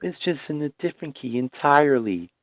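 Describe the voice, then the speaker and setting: A man voicing a stern, practical young woman musician, calm and matter-of-fact, over dull lo-fi call audio. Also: on the high side, brisk, dry recording, close to an everyday voice. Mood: explaining. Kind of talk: amateur voice reading over a call.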